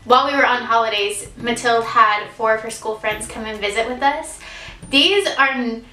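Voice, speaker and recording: A woman in her twenties telling a story in a casual vlog, chatty and giggly and quick to poke fun at herself. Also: a little high, bright, forceful tone, roomy sound, distant mic, slight background noise, rough recording. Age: 20s. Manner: chatty, giggly, self-deprecating, lots of fillers. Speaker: vlogger.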